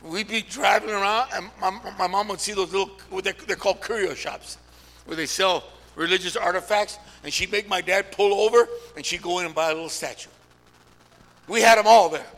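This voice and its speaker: A middle-aged man preaching a sermon in a large church, calling out to the congregation and swinging between shouting and hushed talk. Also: high voice. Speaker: pastor. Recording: long hall reverb.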